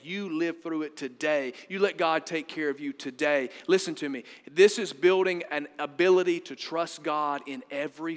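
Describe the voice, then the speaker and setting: A middle-aged man preaching a sermon as pastor, emphatic, swinging between loud and hushed. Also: on the high side. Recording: long hall reverb.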